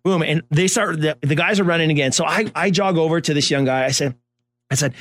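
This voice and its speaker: A man co-hosting a casual talk show, telling animated stories and acting out the voices of the people in them. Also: a little high, brisk. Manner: animated storyteller, acts out voices. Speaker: co-host, former baseball coach. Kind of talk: storytelling in casual chat.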